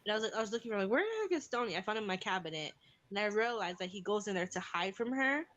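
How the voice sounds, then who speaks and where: A woman's voice: mid-range voice, racing, a bit bright, highs cut off. A woman chatting casually with a friend on a livestream. She tells a story about her daughter, full of fillers and restarts, and acts out the girl's lines. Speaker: vlogger and mother.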